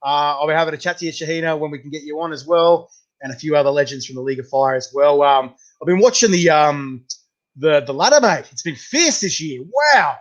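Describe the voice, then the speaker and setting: A man's voice: fairly high pitch, a little fast, highs cut off. A man with an Australian accent hosting a casual video interview, full of slangy banter and laughs. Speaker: host.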